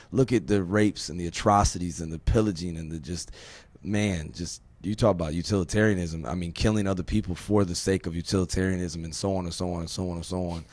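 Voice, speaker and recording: This Virginia podcast host has a low voice with a darkish tone, and there's no echo. In casual podcast chat he rambles emphatically, cursing and posing rhetorical questions.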